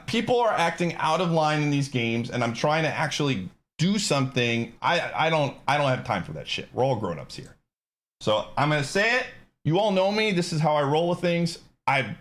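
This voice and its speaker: A man's voice: a little high, a bit bright. A man streaming live, ranting to his chat in a frustrated, emphatic, insistent way.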